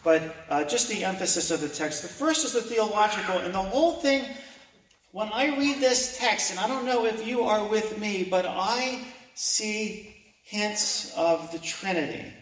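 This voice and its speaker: High-voiced preacher in a roomy hall. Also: male voice, fairly bright tone. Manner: reads scripture aloud and repeats key phrases slowly. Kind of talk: sermon. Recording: roomy hall, mic at a distance.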